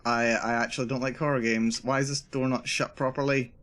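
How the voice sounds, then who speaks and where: Male streamer, mid-pitched, nervously self-narrating through a horror game, repeats lines when scared. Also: flat delivery, a little fast, a bit bright. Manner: jittery, repeats himself, narrates his own nerves. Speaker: VTuber streamer. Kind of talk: live horror gameplay commentary.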